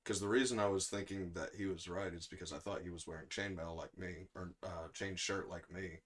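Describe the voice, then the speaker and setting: A man's voice: deep voice, fairly even intonation, fairly quick. A man playing a tabletop game, chatting about the rules in a joking, playful way. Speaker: player. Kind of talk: casual tabletop game chat.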